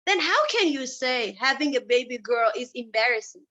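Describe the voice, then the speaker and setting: A woman addresses a summit audience with personal stories, her voice pitched high and cutting. She presses her point with question after question. The recording sounds muffled and lo-fi. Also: lively intonation, moderate pace, fairly bright tone. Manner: impassioned, asks many rhetorical questions. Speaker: summit speaker. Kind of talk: personal storytelling speech. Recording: dull lo-fi recording.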